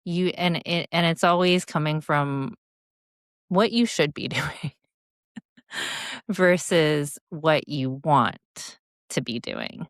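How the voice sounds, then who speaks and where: A woman's voice: deep voice, slow pace, long pauses, no room sound, clean studio sound. A woman in her forties, a guest speaker and coach, telling stories in a reflective, coaching tone during a podcast interview.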